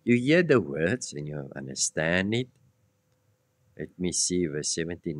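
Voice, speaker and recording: Male preacher, very low voice, slow deliberate delivery, blunt and emphatic, quizzes his hearers, dry close sound. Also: sing-song, dry recording. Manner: blunt and emphatic, addresses listeners directly with rhetorical questions. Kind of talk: expository Bible-teaching sermon.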